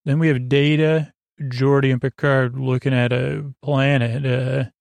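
A man rambling and halting through a casual, sleepy recap of a TV episode, full of filler words. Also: medium pitch, little pitch movement, vocal fry, a little mellow, dry recording. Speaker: podcast host.

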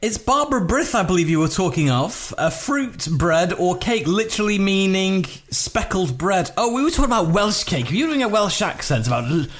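A man's voice: high voice, sing-song, moderate pace, few pauses, a bit bright. A man co-hosting a casual podcast, reading out listener emails and laughing often. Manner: giggly, breaks into laughter often. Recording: noisy home recording.

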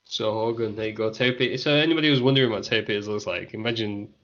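A man's voice: on the low side, racing, fairly bright tone. Guy hosting a podcast, laughs a lot, bit tipsy, rambly, muffled lo-fi audio. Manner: laughs often, rambling with restarts. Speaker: podcast host. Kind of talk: casual chat.

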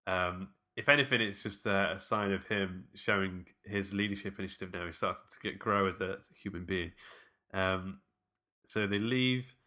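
A man's voice: deep voice, normal speed, sharp tone. A man casually retelling a film with a friend, laughing often and quoting lines.

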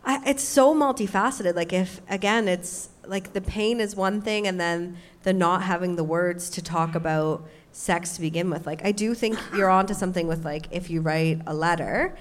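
Low-voiced woman, halting casual chat. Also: a little hiss or hum. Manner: halting, stammering restarts, lots of fillers.

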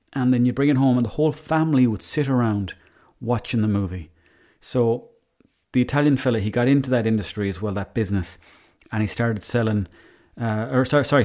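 An Irish man spins a rambling, self-mocking yarn for his podcast. He talks casually, with plenty of asides and the odd swear word, at an everyday mid-range pitch. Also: warm tone. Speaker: podcast host. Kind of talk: casual storytelling monologue.

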